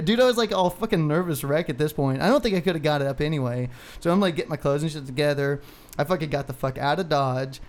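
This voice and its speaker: A man's voice: on the high side, brisk. Profane, rambling podcast storyteller man. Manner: profane, rambling, laughs often. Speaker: podcast co-host. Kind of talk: casual storytelling.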